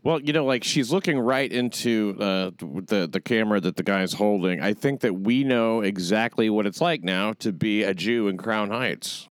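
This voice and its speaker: A man's voice: fairly low pitch, moderate pace, hardly any pauses, clean tone, no room sound. A man hosting a podcast in casual chat, blunt and profane, rambling with plenty of fillers. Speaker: podcast host.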